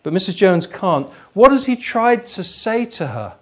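A man leads an interactive workshop. He explains in a lively way and laughs easily. His voice sits slightly high. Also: unhurried. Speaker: lecturer, trainer.

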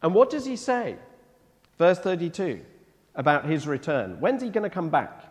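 A man's voice: on the high side, very animated, normal speed. A man preaching a sermon in a church, explaining scripture in a conversational way and often asking the congregation questions. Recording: long reverb of a church hall.

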